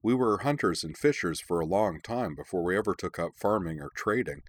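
A man's voice: sits low, expressive, fairly quick, no echo. A man voicing an earnest young schoolgirl explaining her home culture in an audiobook, his voice only slightly lifted.

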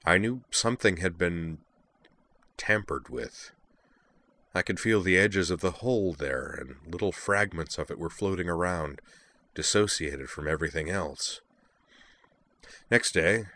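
A man reading a story aloud, voicing a troubled young man quietly recounting memories he half lost. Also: low-pitched, measured pace, long pauses. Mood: reflective.

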